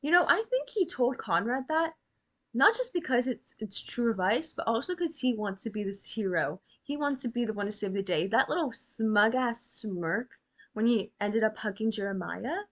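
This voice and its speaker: A young woman chats through a TV episode at a moderate pace, her medium, mid-range voice full of lively intonation. Sarcastic and blunt, she curses often and tells off the characters as if they were listening.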